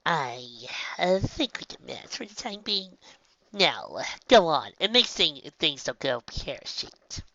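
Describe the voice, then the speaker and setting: A woman's voice: sits low, sing-song, slow pace, no room sound, voice pushed up, heavily acted. A woman voicing a once-boastful young female unicorn who sometimes calls herself by name, recorded on a dull lo-fi home setup. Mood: earnest. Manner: speaks of herself in third person at times, soft storytelling.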